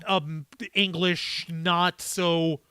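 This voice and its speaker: A man hosts a live stream in a casual, profane and rambling way, reacting to viewer comments. His voice sits high and bright, with a smooth, clear tone. The sound is dry and close. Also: flat delivery, drawn-out words, dry recording.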